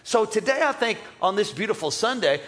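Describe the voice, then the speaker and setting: A male pastor preaching an energetic, playful sermon and calling out to his congregation. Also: high voice, a little fast.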